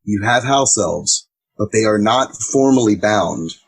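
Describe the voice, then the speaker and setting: A man co-hosting a podcast in casual chat, playful and fond of pitching silly ideas. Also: lively intonation, measured pace, vocal fry, breathy edge, poor audio. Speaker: podcast co-host.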